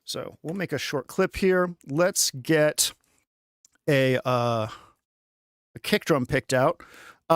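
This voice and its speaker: A man casually talking through a music production tutorial on a live stream, chatty and thinking out loud with lots of fillers. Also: a little high, vocal fry, clear, resonant tone, no room sound, clean studio sound. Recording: music playing underneath.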